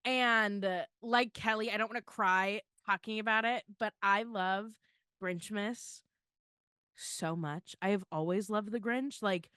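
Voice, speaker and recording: Bright, gushing young woman podcaster. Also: medium pitch, a little slow, clear, resonant tone, no echo, studio quality. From Florida. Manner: gushing, tearful excitement, lots of "like". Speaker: podcast co-host. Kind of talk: casual podcast chat.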